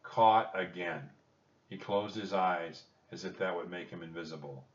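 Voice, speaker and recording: A man narrating a children's storybook in a calm, measured reading. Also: low voice, recorded from a distance, lo-fi sound.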